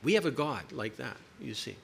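A man preaching a sermon to a congregation, emphatic, with dramatic pauses. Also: mid-range voice, very animated, creaky, a bit bright, a little hiss or hum.

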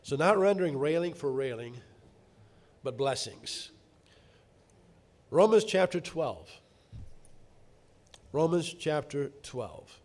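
A middle-aged man preaching from the pulpit in a slightly higher voice than most men. He tells stories in an easy, conversational way, then breaks into loud emphatic bursts. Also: very animated, takes it slowly, pauses often. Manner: storytelling preacher, swinging from quiet asides to loud emphatic bursts. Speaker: pastor. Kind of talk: sermon.

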